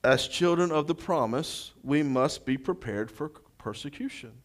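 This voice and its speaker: A man delivers a sermon as pastor, his voice sitting a little high for a man. He preaches with fervor, repeating phrases and building toward shouts. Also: lively intonation, normal speed. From United States.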